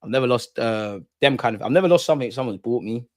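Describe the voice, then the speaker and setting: A man's voice: medium pitch, lively intonation, fast talker, darkish tone, dry recording, studio quality. Slangy young London man chatting. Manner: slangy, chatty, laughs a lot. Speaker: livestream host. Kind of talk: casual live chat reading viewer comments.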